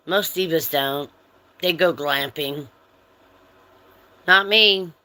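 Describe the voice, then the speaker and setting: A woman hosts a casual livestream and talks straight to her viewers, answering their comments one by one. She speaks at an unhurried, drawn-out pace with a bright, forceful tone. She is friendly and chatty but turns firm and strict when someone is rude. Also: sits low. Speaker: livestream host.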